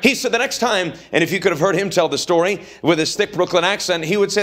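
A man's voice: high-pitched, quick pace, hardly any pauses, a bit bright. A man preaching a revival sermon in a church, with an emphatic, repetitive cadence. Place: church sanctuary.

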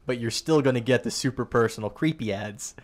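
A man's voice: medium pitch, brisk. A man hosting a podcast, chatting casually and joking with his co-hosts while plugging the show. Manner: joking, animated, plugs the show. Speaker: podcast host. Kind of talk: casual chat.

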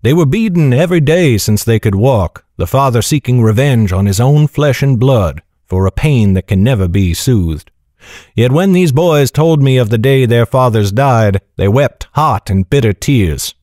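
A man voicing a grave, wise older knight who speaks in a measured, soft way. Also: medium pitch, dry recording, clean studio sound, close to an everyday voice. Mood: grave, gentle. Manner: measured, calm, soft-spoken.

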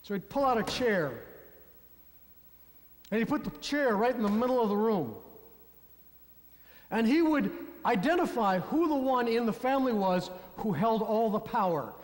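A man's voice: very high voice, lively intonation, moderate pace, long pauses. A man preaching a sermon as a pastor, telling a story and speaking directly to his congregation. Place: church sanctuary. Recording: long church reverb.

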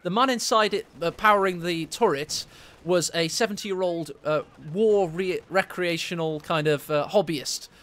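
A man's voice: sits high, fairly bright tone. Jokey man commentating a game. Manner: jokey, storytelling, quick to laugh.

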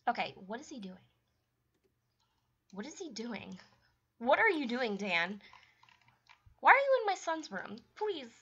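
A woman hosting a video game let's-play, chatting casually and pleading with the characters in an animated, playful way. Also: on the high side, unhurried, pauses often, slightly rough. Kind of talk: casual commentary while playing a life-sim game. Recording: dull lo-fi mic.

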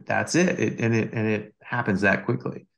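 A man's voice: lowish voice, normal speed, gravelly, a bit bright. A man, a doctor co-hosting a podcast, telling a personal story in casual conversation, with many fillers and restarts. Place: Australia.

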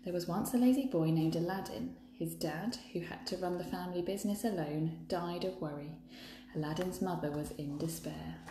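A woman's voice: fairly low pitch, normal speed, mellow, slight background noise. A woman reading a children's book aloud, breaking off for chatty asides to viewers. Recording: echoey room, faint ambience.

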